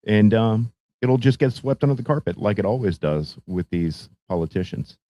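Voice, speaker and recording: A man's voice: lowish voice, steady tone, moderate pace, mellow, no echo. A man hosting his own show, ranting about politics with profane, sarcastic commentary. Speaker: radio show host.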